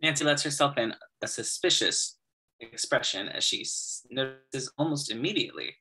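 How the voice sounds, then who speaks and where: Husky bright-voiced male narrator. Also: mid-range voice, normal speed, rough recording. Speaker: narrator reading stage directions. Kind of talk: script narration in an amateur audio drama.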